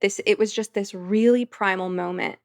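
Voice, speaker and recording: A woman's voice: mid-range voice, steady tone, moderate pace. A woman, a podcast guest, telling a vivid story in casual conversation. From United States.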